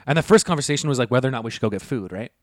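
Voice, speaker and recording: Fast-talking, sweary young podcast man. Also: medium pitch, expressive, dry recording, clean studio sound. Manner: rambling, sweary anecdotes. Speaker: podcast co-host. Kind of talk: casual podcast chat.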